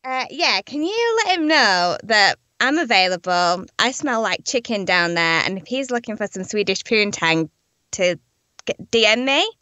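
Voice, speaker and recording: A woman's voice: medium pitch, expressive, moderate pace, sharp tone. A woman calling in to a comedy podcast with a cheeky, brash message. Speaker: caller. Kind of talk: prank call-in.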